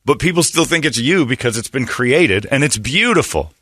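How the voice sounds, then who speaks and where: A man's voice: medium pitch, lively intonation, pushed and bright, breathy edge, no room sound. A middle-aged man hosting a morning radio show, ranting and mocking in a brash way. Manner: brash, ranting, quick to mock, slips into put-on voices. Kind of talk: opinionated morning radio talk.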